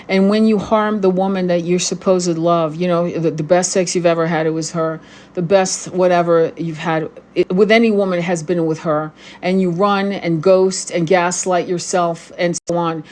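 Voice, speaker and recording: A woman's voice: lowish voice, a little mellow, slight background noise. A middle-aged woman, a tarot reader and spiritual guide, ranting angrily on a livestream and swearing often at her viewers. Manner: angry, profane and confrontational.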